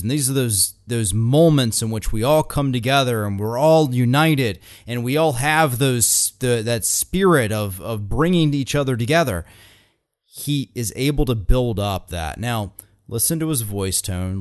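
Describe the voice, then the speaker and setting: A man commenting on a speech clip in a measured, explanatory way, with frequent fillers and repeated words. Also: medium pitch, no echo, clean studio sound.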